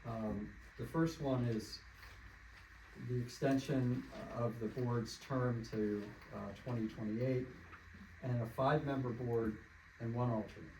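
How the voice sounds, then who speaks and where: A man who is a township official gives a measured, orderly walk-through of proposed resolutions for the board. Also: medium pitch, steady tone, mellow. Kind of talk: formal procedural explanation. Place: township meeting room. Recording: echoey meeting room, faint noise.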